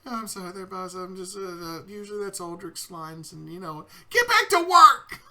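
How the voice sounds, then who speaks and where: A man voicing a bossy, foul-mouthed halfling ship hand who barks orders in a shrill voice. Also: level tone, fairly quick, pushed and bright. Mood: flustered.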